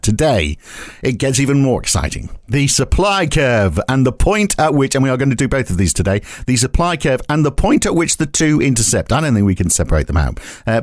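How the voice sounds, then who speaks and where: A man's voice: mid-range voice, dry recording, clean studio sound. Chatty male podcast host. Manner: jokey, chatty, recites comic verse from memory. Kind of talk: casual podcast chat.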